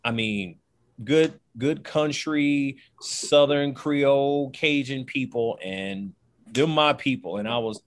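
A man speaks in an animated, emphatic way, with big swings in his delivery. He is a former football player who is a guest in an interview. The sound is dry and close-miked. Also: medium pitch, slow, dry recording. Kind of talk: interview conversation.

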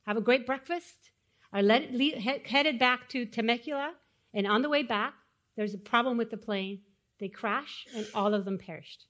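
A woman pastor giving a sermon, asking the congregation questions and dropping to hushed, solemn tones when telling stories of loss. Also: on the high side. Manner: dynamic, swings from loud rhetorical questions to hushed solemn tones.

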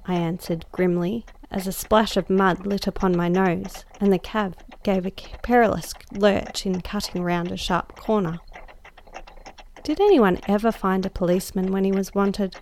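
A woman narrating a classic story aloud as guest host, measured and dryly expressive. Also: mid-range voice, a little hiss or hum. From Australia. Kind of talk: audiobook narration.

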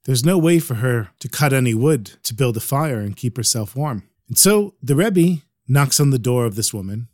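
A man narrating a religious story in an animated, expressive way. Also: mid-range voice, moderate pace, hardly any pauses, no echo, studio quality.

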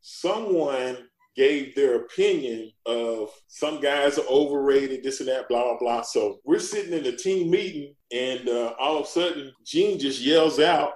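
A man's voice: mid-range voice, unhurried, hardly any pauses, echoey room, poor audio. A man, a former pro football lineman, telling stories in a casual chat and acting out the quotes. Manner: animated storyteller, acts out quotes. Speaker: former NFL lineman guest.

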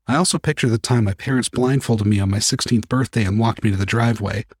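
A man narrating a first-person story as an audiobook reader, calm and even. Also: lowish voice, fast, breathy edge, no room sound, clean studio sound.

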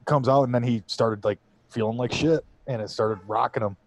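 A man's voice: medium pitch, steady tone, moderate pace, darkish tone, dry recording. A man hosting a podcast, telling stories in loose, profane casual chat and laughing often. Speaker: podcast host.

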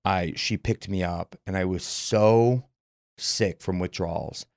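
Low gravelly man telling his story. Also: takes it slowly, darkish tone, no room sound, studio quality. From Utah, USA. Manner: frank, loose, lots of "like" fillers. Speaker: guest. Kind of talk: candid personal storytelling.

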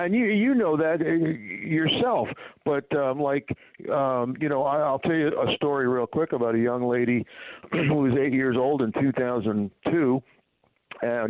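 A middle-aged man, a former baseball PR director, tells stories as a guest in a casual radio interview. His medium-pitched voice comes over a tinny, dry phone line with no echo, and he rambles with many fillers and restarts.

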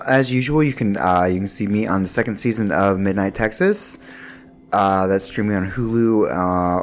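A male actor in casual chat, dry and self-deprecating about his roles. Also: on the low side.

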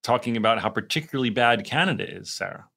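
A man's voice: medium pitch, expressive, quick pace, vocal fry, pushed and bright, slight background noise. A man co-hosting a podcast, teasing and playful in casual chat with a guest. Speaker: podcast co-host.

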